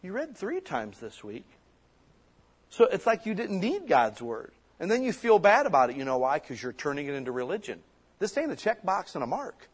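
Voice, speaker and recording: A middle-aged man preaches from the pulpit with fiery, conversational zeal, firing off rhetorical questions at his congregation. His voice sits a little high and has a husky edge. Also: huge pitch swings, normal speed. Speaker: pastor. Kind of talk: sermon.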